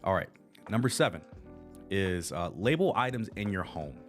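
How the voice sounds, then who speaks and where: A man's voice: deep voice, very animated, normal speed, soft background music. An American man hosting a casual livestream of tips, rambling in a conversational way and talking straight to his viewers. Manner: rambling and conversational, with frequent restarts, addressing viewers directly. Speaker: channel host.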